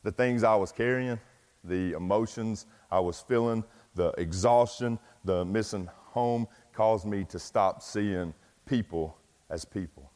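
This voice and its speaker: A man's voice: fairly low pitch, measured pace, darkish tone. A middle-aged man, a pastor telling a self-deprecating story in a folksy sermon with plenty of fillers. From East Tennessee, US. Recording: long reverb from a large hall.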